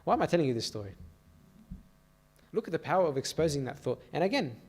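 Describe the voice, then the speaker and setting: Youth speaker, male, slightly raised pitch; church sermon told through stories, keeps asking "all right?". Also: big pitch swings, fast.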